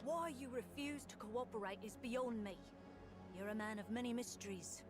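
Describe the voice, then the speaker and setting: A woman's voice: a little high, normal speed, music in the background, close to an everyday voice. A woman with a British accent voicing a sardonic young female companion in a video game, dry and teasing.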